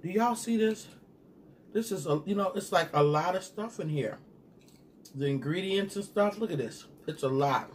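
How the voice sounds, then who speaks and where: A man's voice: high-pitched, expressive, moderate pace, slight background noise. A man in a casual food-review vlog who chats straight to his viewers and hums and murmurs while he eats. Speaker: mukbang vlogger reviewing a sauce.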